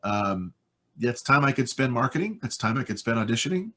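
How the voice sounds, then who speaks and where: An American voice-over artist talks casually and enthusiastically about his work in an interview, rambling with fillers. His mid-range voice is very animated, brisk, bright and forceful.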